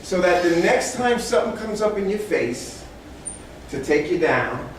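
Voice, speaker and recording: His voice sits high and he's very animated yet unhurried as he tells animal stories in a motivational talk to a small group. The animals get their own voices, delivered with big bursts and drops of energy. It's recorded in an echoey room from a distance, with slight background noise.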